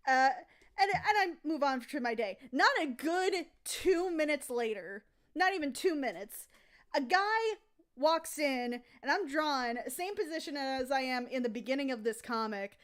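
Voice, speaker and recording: A woman's voice: sits high, animated, a little slow. A woman casually telling a rambling, profane anecdote on a live stream. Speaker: comic artist streaming.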